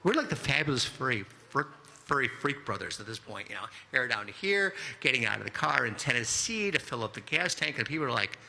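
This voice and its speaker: A man in his sixties telling a personal story aloud at a live storytelling event, lively and anecdotal, acting out the dialogue. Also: mid-range voice, a little fast, creaky, hardly any pauses. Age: 60s. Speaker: contributing author.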